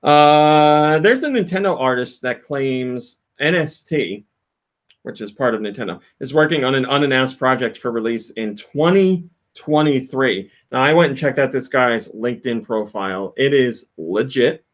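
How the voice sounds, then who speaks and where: A man's voice: medium pitch, animated, moderate pace. A man hosting a casual podcast, reading out news and telling stories with frequent laughs. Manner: reads out quotes and news, laughs often. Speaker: podcast host.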